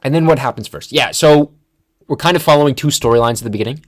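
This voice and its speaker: A man's voice: mid-range voice, quick pace. Chatty man rambling about a movie. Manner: rambling, animated retelling with acted-out quotes; chatty with frequent "like" fillers. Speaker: film review show host. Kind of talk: casual film discussion.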